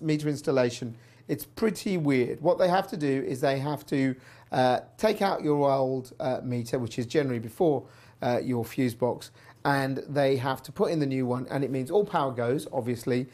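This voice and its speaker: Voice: medium pitch, a little mellow. A presenter telling a personal story in a chatty, wry way while hosting a news show. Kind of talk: casual news commentary.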